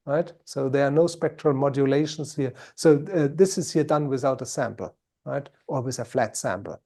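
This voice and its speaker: A man's voice: on the high side, dark tone. A man with a German accent answering questions after a science talk on a video call, hesitant, with many fillers and "right?" tags. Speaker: invited speaker.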